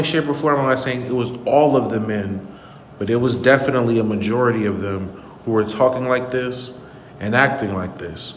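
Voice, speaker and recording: An earnest man delivers an indignant commentary monologue and hammers home his points by repeating them. His voice sits at an ordinary pitch but rings with a long echo, as if he is in a bare room, and soft music plays beneath him. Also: a little hiss or hum. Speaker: channel host. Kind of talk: commentary monologue on a played clip.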